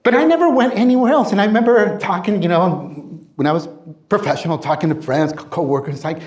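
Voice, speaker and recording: A middle-aged man giving an energetic motivational talk as a career coach, telling stories and acting out quoted people in playful voices. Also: high-pitched, fast talker, echoey room.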